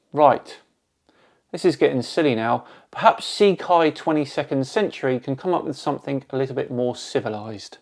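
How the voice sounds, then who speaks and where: A man's voice: a little high, lively intonation, measured pace, darkish tone. Dry, sarcastic man reading comments. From Bristol, England. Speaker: video host. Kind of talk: reading out and rebutting viewer comments.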